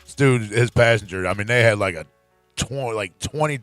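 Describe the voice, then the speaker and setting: A man's voice: on the low side, moderate pace, no room sound, faint music behind. Brief: St. man, chatty talk-show co-host, cusses freely and acts out his stories, dry close sound. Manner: profane, animated storyteller acting out quotes. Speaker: podcast co-host. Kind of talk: casual chat, storytelling.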